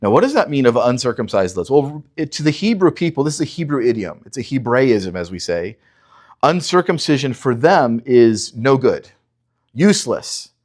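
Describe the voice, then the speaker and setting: A man's voice: medium pitch, normal speed. A male pastor preaching an expository sermon. He reads scripture aloud and urges listeners to look closely at each verse. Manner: animated teaching, urges listeners to read verses critically.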